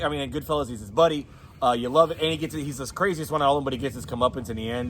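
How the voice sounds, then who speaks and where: A man's voice: a little high, noisy background. A man with a Southern US accent co-hosting a casual movie chat, rambling and profane, laughing often. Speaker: co-host.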